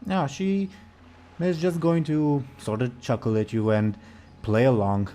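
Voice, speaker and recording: A man's voice: medium pitch, steady tone, unhurried, mellow. A man narrating a tabletop game as game master, with a loose manner and occasional fillers.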